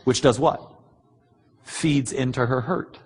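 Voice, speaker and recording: Husky blunt preacher man in a hall. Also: medium pitch, fairly even intonation. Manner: earnest and blunt, many "um" pauses. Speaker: pastor. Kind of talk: sermon answering written questions. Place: large church hall. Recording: long hall reverb.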